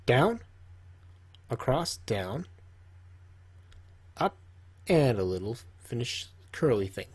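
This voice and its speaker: Husky man teaching in a slow drawl. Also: mid-range voice, big pitch swings. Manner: joking, talks to himself while drawing. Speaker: language teacher. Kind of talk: casual tutorial while drawing.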